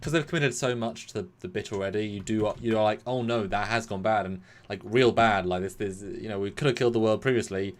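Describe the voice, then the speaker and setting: Animated British man reviewing an episode. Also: on the low side, quick pace, few pauses. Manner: animated, acts out quotes, swings loud and soft. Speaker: podcast co-host. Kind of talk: casual review chat.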